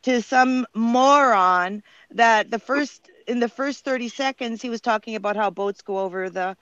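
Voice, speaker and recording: A woman's voice: on the high side, normal speed, fairly bright tone, no echo. Older woman, earnest and rambling, muffled call. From Canada. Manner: earnest, rambling storytelling with many fillers. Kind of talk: casual online group call. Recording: dull, dry, lo-fi call audio.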